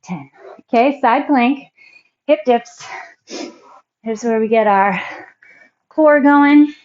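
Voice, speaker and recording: A woman fitness instructor calmly cueing moves and counting reps through a workout class. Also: fairly high pitch, takes it slowly, highs cut off, a little hiss or hum. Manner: calm, encouraging cues and counting reps.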